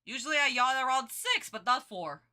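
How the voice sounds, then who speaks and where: A woman's voice: high-pitched, lively intonation, normal speed, sharp tone. A tired woman streamer giving exasperated reaction commentary, ranting and repeating herself.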